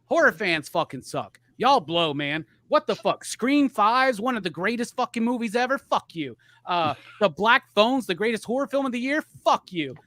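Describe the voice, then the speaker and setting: A man's voice: sits high, expressive, moderate pace, few pauses, fairly bright tone, no room sound. Profane, heated man ranting. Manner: profane, heated, rambling rant. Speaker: podcast co-host. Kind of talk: ranting grievances on a live podcast.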